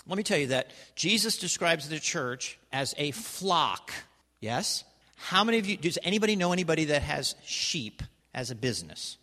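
A male pastor preaching a sermon in a church, animated and constantly prompting the congregation with questions and "okay?". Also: fairly high pitch. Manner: animated, calls for congregation response, repeats "okay?". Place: church sanctuary. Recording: reverberant church hall.

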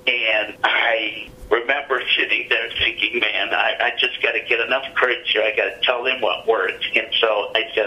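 A man's voice: fairly low pitch, flat delivery, moderate pace, sharp tone, poor audio. A middle-aged man, an interview guest, telling a personal story in an earnest, plainspoken way.

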